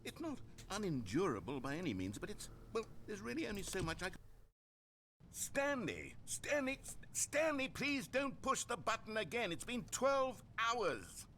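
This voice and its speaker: A man's voice: high-pitched, huge pitch swings, quick pace, hardly any pauses, a little hiss or hum, heavily acted. An actor playing a wry, grandiose male narrator in a video game, delivering scripted lines with theatrical expression. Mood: pleading.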